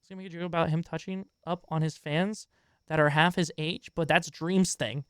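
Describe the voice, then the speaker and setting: A man's voice: fairly high pitch, steady tone, a little fast, fairly bright tone, clear, resonant tone, no echo, clean studio sound. A man streaming a reaction video, ranting in an exasperated, profane way and chatting with his viewers in between. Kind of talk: live-stream reaction commentary.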